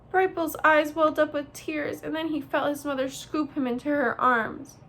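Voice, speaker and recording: A woman's voice: high-pitched, normal speed, hardly any pauses. Woman reading a children's book aloud. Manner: expressive storybook narration. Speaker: read-aloud host.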